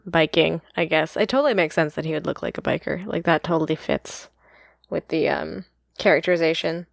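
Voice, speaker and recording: Podcast co-host, woman: low voice with gravel, chatty, self-correcting, in a dry room. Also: no room sound. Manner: chatty, quick to laugh, often stops to correct herself. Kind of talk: casual book-discussion chat.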